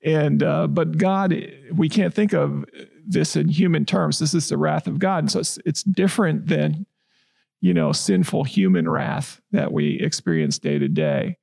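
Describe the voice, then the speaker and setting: A man co-hosting a faith podcast, reading a verse aloud and then explaining it in a relaxed, conversational way. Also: fairly high pitch, measured pace, vocal fry, slightly rough, dry recording, clean studio sound. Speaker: podcast co-host. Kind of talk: casual bible discussion.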